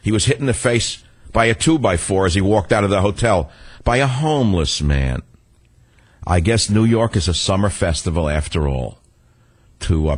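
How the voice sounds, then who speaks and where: A man's voice: sits low, husky, no echo. A man hosting a political talk radio show, delivering a combative, sarcastic monologue.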